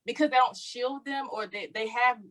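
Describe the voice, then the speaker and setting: A woman's voice: a little high, moderate pace, a bit bright, rough recording. Earnest woman talking about parenting. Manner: earnest, searching for words. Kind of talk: casual conversation about parenting.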